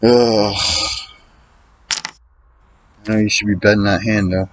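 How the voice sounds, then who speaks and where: A man's voice: fairly low pitch, little pitch movement, slow, a little hiss or hum, low-quality recording. A man thinking aloud through his online poker hands, muttering his reads and swearing in exasperation at opponents' plays. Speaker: online poker player streaming his session. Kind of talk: casual thinking-aloud game commentary.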